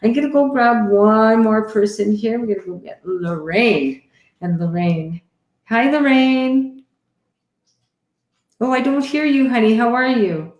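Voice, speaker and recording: A woman with a slightly high, expressive and somewhat mellow voice livestreams psychic readings from home at a moderate pace. Chatty and affectionate, she calls people honey and sweetheart in casual stream chat. Her headset or computer mic picks up an echoey indoor room.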